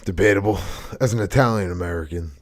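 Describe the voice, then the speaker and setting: A man with a low, deep voice hosts a podcast and keeps the talk loose and joking. He swears freely and drifts from topic to topic in easy casual chat. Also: fast. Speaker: podcast host.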